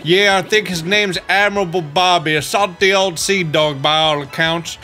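A man's voice: high-pitched, steady tone, moderate pace, bright, forceful tone, faint music behind. A man voicing a plainspoken, deferential sailor who talks in a folksy way and calls others sir. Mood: informative.

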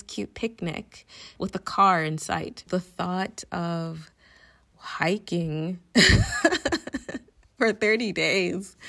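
A woman guest on a podcast, telling a personal story in an animated way, often laughing and acting out her own reactions. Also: medium pitch, creaky.

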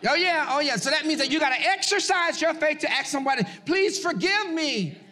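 Man, pastor, very high voice, bright and forceful, shouting sermon with call-outs to the church. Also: fast. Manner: exhorting, calls out to the congregation; swings from loud shouting peaks to low asides.

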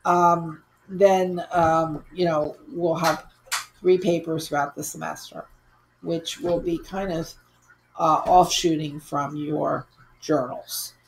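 A woman's voice: deep voice, little pitch movement, slow pace, a little hiss or hum, low-quality recording. A woman college instructor giving a recorded online course lecture in a conversational, easygoing way, with frequent fillers and restarts.

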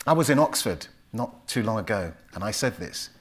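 A man's voice: fairly low pitch, moderate pace. A man in his fifties with a London accent, telling stories to an audience at a club event and acting out the voices in them. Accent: London English. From England. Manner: animated storyteller, acts out voices in dialogue. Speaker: author giving a talk. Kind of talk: storytelling speech to an audience.

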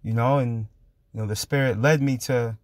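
A man's voice: medium pitch, fairly even intonation, normal speed, no room sound, studio quality. A man preaching through a casual testimony story, fervent and full of street slang, with constant "you know" and "I'm like" fillers. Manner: fervent, spirited retelling.

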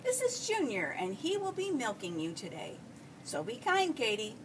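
A woman playing a kindly, good-humored old farmer from a children's storybook, talking in a folksy, patient way that drops a little lower than her usual voice. The sound comes from a mic set a good way off, with a faint hiss behind. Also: huge pitch swings, moderate pace, distant mic. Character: friendly older male farmer, good-humored.

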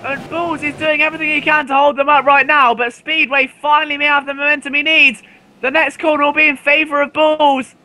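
A man commentating a live sim race, excitable and rising to near shouts at overtakes, his voice going hoarse. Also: very high-pitched, fairly quick.

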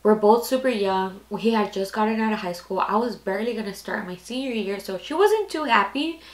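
A young woman in her twenties recounts her own story to camera in a loose, confessional way, padding her sentences with "like" and circling back as she goes. Her voice sits at a middle pitch, and the roomy, echoey space around her carries each word. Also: expressive, brisk. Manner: candid, rambling, heavy use of "like". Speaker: storytime vlogger. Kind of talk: casual personal storytelling. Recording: echoey room.

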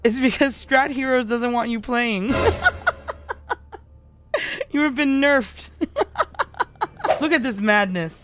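A woman's voice: high voice, animated, slow pace, long pauses, noisy background. A woman streaming a co-op game, chatting casually and teasing her teammates with lots of giggles. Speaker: VTuber streamer. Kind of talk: casual gaming stream chat.

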